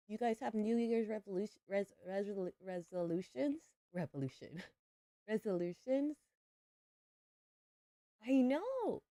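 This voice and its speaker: A woman's voice: a little high, dark tone, dry recording, studio quality. A young adult woman streaming a farming game, chatting playfully with her viewers. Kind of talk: casual livestream chat while gaming.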